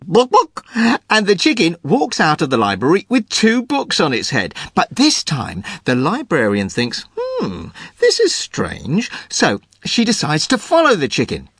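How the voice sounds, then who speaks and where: A man's voice: on the high side, huge pitch swings, normal speed, few pauses, fairly bright tone, breathy edge, dry recording, studio quality. A man telling a silly scripted joke, hesitant at first and chuckling at his own lines. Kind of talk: scripted comic storytelling.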